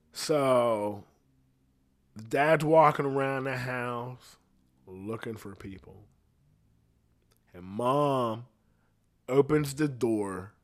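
Young male guest, casual, profane storyteller with a middle-pitched voice. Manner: profane, animated, drops to low tones for tension.

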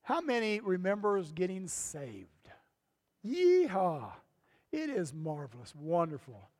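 A man's voice: high-pitched, huge pitch swings, slow pace, darkish tone, big-room sound. A male pastor delivering a folksy, emphatic sermon, his voice rising sharply on key points. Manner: folksy, emphatic preaching with sudden rises.

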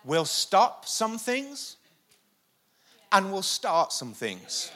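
A male pastor preaching a sermon, energetic and repetitive for emphasis. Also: high-pitched, drawn-out words. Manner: energetic, repeats lines for emphasis, uses a helper for a live demonstration. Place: church stage before a congregation.

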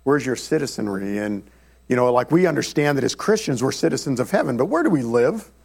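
An American man, a pastor, preaching a sermon in a church in an animated, conversational storytelling way. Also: medium pitch, fairly quick, creaky, slightly rough. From United States.

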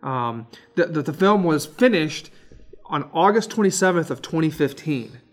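A man co-hosting a casual film review chat, relaxed and rambling with lots of fillers. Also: a little high, normal speed, faint music behind. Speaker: podcast co-host.

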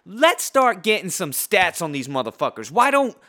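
A man from San Diego ranting as a podcast host, loud and trash-talking, a little tipsy, with lots of restarts. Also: a little high, sing-song, moderate pace. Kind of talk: profane sports rant.

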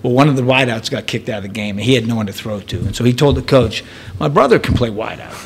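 A man's voice: medium pitch, lively intonation, quick pace, creaky, a little hiss or hum. A man in his thirties telling a story in casual chat, chatty, often laughing and restarting his sentences. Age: 30s.

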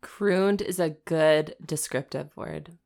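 A woman's voice: deep voice, slow pace, creaky, a little mellow. A woman co-host chatting casually, with playful, gushing commentary. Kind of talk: casual chat.

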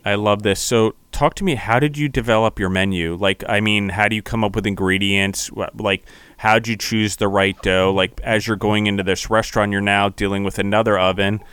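A man's voice: fairly low pitch, fairly even intonation, brisk, fairly bright tone, clean tone, no echo. A man hosting a podcast interview, enthusiastic and asking rambling questions. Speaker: podcast host. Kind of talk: casual interview.

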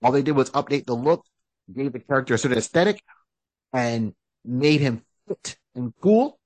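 A man's voice: medium pitch, normal speed, darkish tone, no echo. Man eagerly explaining on a podcast. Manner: explains eagerly and acts out quotes. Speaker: podcast co-host. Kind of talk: casual chat. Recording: dry close-mic podcast audio.

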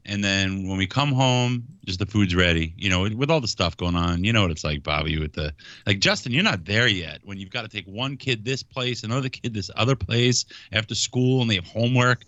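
A man's voice: lowish voice, brisk, hardly any pauses, sharp tone, no echo, muffled recording. A middle-aged man co-hosting a podcast in easygoing casual chat, joking and laughing often. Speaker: podcast co-host.

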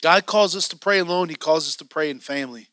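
A church elder preaches a sermon with fervent, story-driven passion, often acting out his own excitement. His voice is somewhat high and strikingly bright, his pace quick. The sound is close and dry, with no echo or room around it.

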